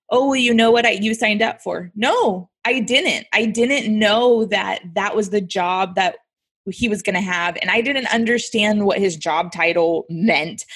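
A woman's voice: medium pitch, a bit bright, breathy edge. A woman guest in an interview, speaking earnestly and emphatically about her experiences. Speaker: guest, military spouse. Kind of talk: interview conversation.

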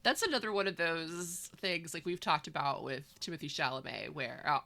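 Woman, wry and sarcastic, casual chat, gravelly, bright tone. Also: deep voice, normal speed. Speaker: podcast co-host. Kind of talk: casual chat recapping a book.

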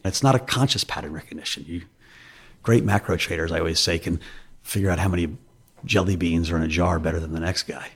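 A man with a low, deeply husky voice talks as an interview guest. He tells loose, self-deprecating stories in a candid, conversational way. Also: quick pace. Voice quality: raspy. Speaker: investor guest.

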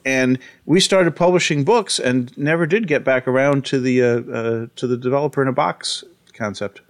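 A man speaks as a podcast guest in an easygoing, meandering way. His voice sits at an ordinary middle pitch. He circles back through his story with plenty of ums and restarts. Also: brisk. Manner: rambling storyteller, many fillers and restarts. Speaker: guest, book author and publisher. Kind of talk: casual podcast interview.

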